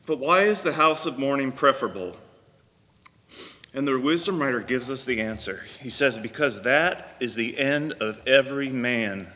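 A male pastor prays and then preaches earnestly in a church sanctuary, using frequent fillers. His mid-range voice is animated, bright, and forceful at a moderate pace, with the long reverb of a church hall around it.

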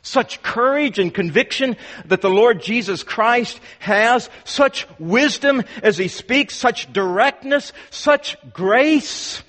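A man's voice: very high-pitched, animated, takes it slowly, hardly any pauses, fairly bright tone. A man preaching a sermon to his congregation, emphatic and repeating words for force. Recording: long hall reverb.

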